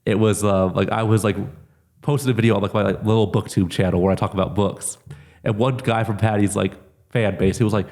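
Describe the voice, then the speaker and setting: A man being interviewed as a fighter, talking casually with lots of "like" and growing lively when he tells stories. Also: on the low side, a little fast. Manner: relaxed, heavy use of "like", lively when telling stories. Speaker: MMA fighter, interview guest.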